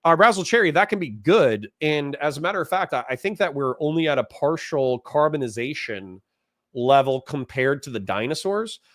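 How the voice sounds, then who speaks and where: A man's voice: fairly high pitch, lively intonation, normal speed, fairly bright tone, no echo, studio quality. A man from Florida hosting a casual livestream, reading out chat donations and rambling bluntly in reply. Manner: rambling and blunt, reads chat messages aloud.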